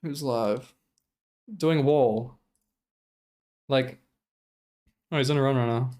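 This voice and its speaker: A man's voice: mid-range voice, takes it slowly, darkish tone. Profane, rambling young male streamer. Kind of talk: casual livestream commentary.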